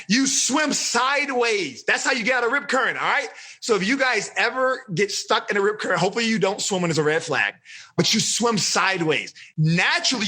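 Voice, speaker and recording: A man leads a seminar for teenagers, firing quick questions at his audience and pushing ahead with energy. His voice sits high for a man, with a bright, forceful tone. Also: breathy edge. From Texas. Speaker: life coach teaching teens. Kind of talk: live online seminar.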